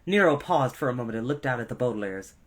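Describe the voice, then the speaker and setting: A man's voice: mid-range voice, lively intonation, fast talker. A man reading a children's novel aloud as a storyteller, adding asides to his listeners.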